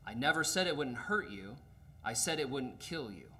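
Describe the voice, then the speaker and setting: A man reading aloud and voicing a calm, firm male angel who presses his question slowly. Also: mid-range voice, slight background noise. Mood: stern. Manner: slow, insistent, repeating questions.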